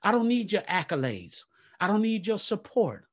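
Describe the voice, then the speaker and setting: A man preaching a live church sermon, fervent and repetitive, praying aloud between points and swinging from a low murmur to loud exclaims. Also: sing-song, normal speed. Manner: fervent, repeats "come on now" and "glory to God". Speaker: pastor.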